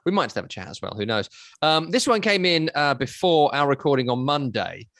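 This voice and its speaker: A man's voice: on the high side, very animated, a little fast, a bit bright, no room sound, clean studio sound. A man in his thirties co-hosting a podcast, chatting casually and telling stories with self-deprecating asides. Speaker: podcast co-host. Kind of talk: casual chat.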